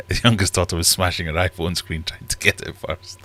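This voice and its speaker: Broadcasting live from his fish room at home, a middle-aged Scottish host rambles along with self-deprecating chat. His voice sits low and sounds pushed and bright, with fairly even intonation at normal speed.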